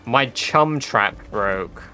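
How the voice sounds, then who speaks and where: A man's voice: medium pitch, animated, drawn-out words, sharp tone, soft background music. A man streaming a game, chatting casually and reading chat aloud with offhand swearing. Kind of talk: casual livestream chat while gaming.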